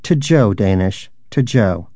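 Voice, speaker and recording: A man's voice: fairly low pitch, animated, takes it slowly, warm tone, no room sound, studio quality. A man doing a preachy, hungry pet rodent. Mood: indignant. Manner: earnest and lecturing.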